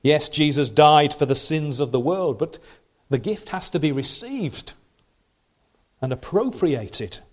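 A middle-aged preacher delivers his sermon in a chatty, conversational way, pausing to ask his listeners rhetorical questions. His voice sits slightly on the high side for a man. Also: animated.

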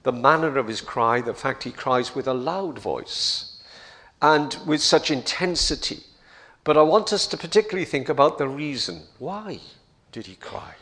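A man preaching a sermon in a slow, deliberate way, repeating key phrases and building to emphatic passages. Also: medium pitch, expressive, fairly bright tone.

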